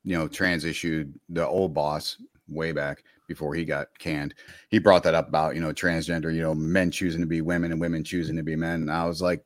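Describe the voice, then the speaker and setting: A man's voice: extremely low pitch, flat delivery, brisk, dry recording, clean studio sound. A man in casual chat, telling blunt, profanity-laced stories and acting out both sides of each exchange. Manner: blunt, swears often, acts out quoted exchanges. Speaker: podcast co-host.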